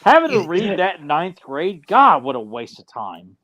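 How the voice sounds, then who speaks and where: Joking, crude man with a lively voice. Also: high-pitched, normal speed, dull audio. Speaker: podcast co-host. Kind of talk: casual chat.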